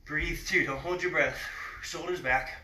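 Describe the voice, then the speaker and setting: A man's voice: a little high, unhurried, sharp tone. A man coaching a live online workout while exercising himself, out of breath, calling cues and countdowns at home. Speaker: fitness trainer. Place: indoor room at home. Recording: echoey room, distant mic, faint hiss.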